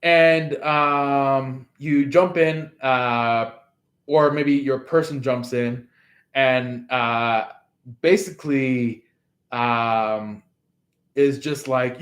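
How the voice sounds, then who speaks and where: A man's voice: mid-range voice, fairly even intonation, very slow, fairly bright tone. A man giving a casual tarot reading in a rambling way, with many fillers, and acting out quotes in an echoey room. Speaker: tarot reader.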